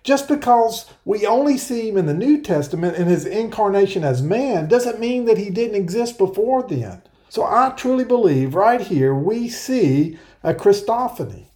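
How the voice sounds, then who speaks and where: A man preaching an earnest verse-by-verse sermon, explaining scripture and reading passages aloud slowly. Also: high-pitched, sing-song, a little mellow. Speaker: pastor. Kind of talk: Bible-teaching sermon.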